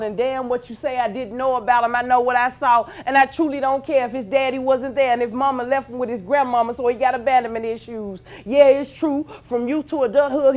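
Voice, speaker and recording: Woman, thirties, Memphis Southern accent; spoken-word poet, intense delivery, hushed lows and shouted highs. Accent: Memphis Southern American. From Memphis, Tennessee. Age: 30s. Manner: intense, swinging from hushed low lines to shouted peaks. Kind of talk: spoken-word poetry performance.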